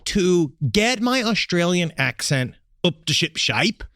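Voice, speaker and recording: A man with a high voice that swings up and down chats on a comedy podcast. He jokes and riffs loosely. The sound is dry and close to the mic. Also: big pitch swings, takes it slowly, pushed and bright, no room sound. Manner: jokey, riffing, slips into put-on accents. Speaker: podcast co-host. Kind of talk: casual comedic chat.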